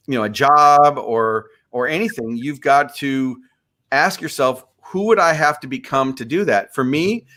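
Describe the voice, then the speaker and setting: A man's voice: medium pitch, bright, forceful tone. A man in his fifties, from Minneapolis, a podcast guest telling a personal story in an earnest, motivational way, often restarting his sentences. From USA, Minneapolis. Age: 50s. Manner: earnest, motivational, repeats words when starting sentences. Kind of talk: conversational storytelling.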